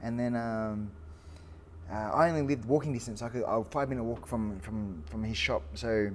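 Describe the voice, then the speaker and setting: A man in his forties from Australia, a fighter telling stories as a guest, lively with lots of fillers and restarts. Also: medium pitch, moderate pace, slight background noise. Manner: animated storyteller with frequent fillers and restarts. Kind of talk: storytelling in an interview.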